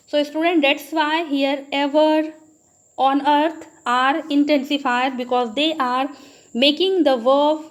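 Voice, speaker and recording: A woman teacher whose voice sits high teaches a grammar lesson in Indian English. She keeps addressing her students, asking questions and then answering them herself.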